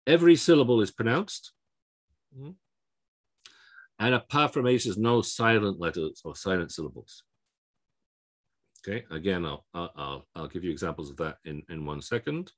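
A man with a somewhat low voice lectures on pronunciation rules. He explains patiently, stumbling through fillers and restarts. He keeps checking that his students follow along. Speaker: Spanish language instructor.

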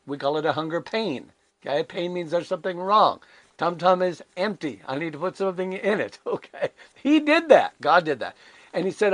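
With no room sound around his slightly high voice, an older man delivers a devotional sermon in a conversational way. Candid and self-deprecating, he speaks emphatically and leans on rhetorical questions.

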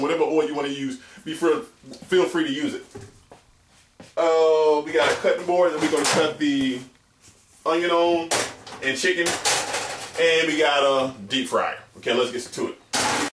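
A man rambles through a jokey home cooking demo, deadpan and playing at being tearful. His voice bounces around an echoey kitchen, with a faint hiss behind it. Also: fairly high pitch. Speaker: home cooking show host. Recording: echoey room, faint noise.

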